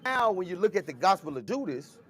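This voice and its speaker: High-voiced man, lively storytelling. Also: brisk, slight background noise. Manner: animated storytelling, retelling scenes in voices. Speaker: co-host. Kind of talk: casual discussion of scripture.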